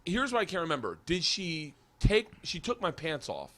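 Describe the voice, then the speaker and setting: A man hosting a podcast, telling a wild story in a casual chat, laughing often and shouting the quoted lines. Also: on the high side, huge pitch swings, normal speed. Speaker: podcast host.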